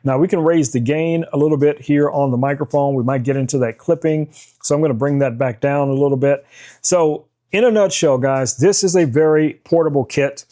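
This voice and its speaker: Male host for a relaxed studio gear demo, warm mellow voice, speaks with frequent fillers. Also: fairly high pitch, fairly quick. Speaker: tech reviewer host. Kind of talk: casual product demo. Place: home studio.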